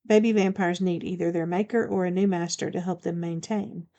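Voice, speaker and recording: A woman author reading her own novel aloud as an audiobook, in a steady, even storytelling manner. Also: on the low side, a little fast, muffled recording. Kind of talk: audiobook narration.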